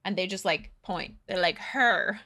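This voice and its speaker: A woman's voice: mid-range voice, slow pace. A woman co-hosting a podcast, casually recapping a book and chatting. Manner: relaxed, recapping the plot with acted quotes. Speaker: podcast co-host.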